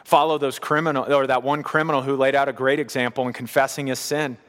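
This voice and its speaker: A man's voice: mid-range voice, level tone, fast talker, fairly bright tone. A man preaching a sermon in a church hall, earnest and repeating key lines for emphasis. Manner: earnest, building to emphatic repetition. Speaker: pastor. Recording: long hall reverb.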